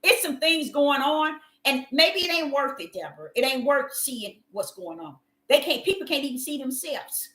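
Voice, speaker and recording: Woman preacher, impassioned and repetitive, with a bright, lively voice in an echoey room. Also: high-pitched, normal speed, hardly any pauses. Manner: impassioned, repetitive, addresses listeners as y'all. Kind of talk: sermon.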